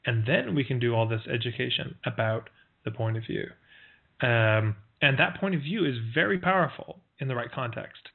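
A marketing coach with a creaky, medium-pitched voice speaks at normal speed, teaching through stories in a casual way with many fillers and restarts. The sound has a tinny, telephone quality.

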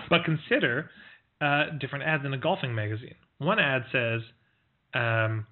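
A man's voice: mid-range voice, measured pace. A man giving a spoken marketing lesson in a conversational way, full of fillers and restarts, telling stories to make his points. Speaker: marketing coach. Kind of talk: spoken teaching talk with stories. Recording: tinny phone-like audio.

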